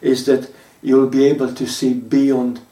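Man pastor giving a sermon, slow storytelling with lots of uh and um, echoey room, sounds a bit far off. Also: mid-range voice, level tone. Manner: measured, warm storytelling with frequent pauses and fillers.

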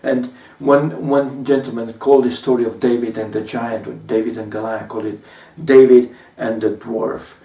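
A man preaching a sermon as pastor, telling stories in a measured way with frequent pauses and fillers. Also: mid-range voice, little pitch movement, warm tone, roomy sound, far from the mic.

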